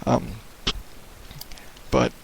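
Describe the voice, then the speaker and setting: A man's voice: drawn-out words, slight background noise. A man hosting his own podcast in a casual, rambling and profane way, speaking in a radio-style voice into a headset mic in a small echoey home office with hardwood floors. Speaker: podcast host. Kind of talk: casual solo podcast monologue. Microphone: headset microphone.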